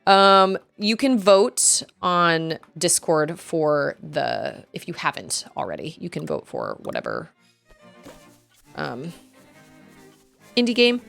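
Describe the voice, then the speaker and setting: A young woman streams a game and chats casually with her viewers in a low, gravelly voice. She's chatty and giggly, often laughing and squealing excitedly at moments in the game.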